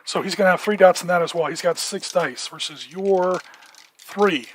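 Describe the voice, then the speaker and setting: A man running a tabletop role-playing game as game master, explaining rolls and narrating in a relaxed way with many fillers. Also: sits high, normal speed, a little hiss or hum.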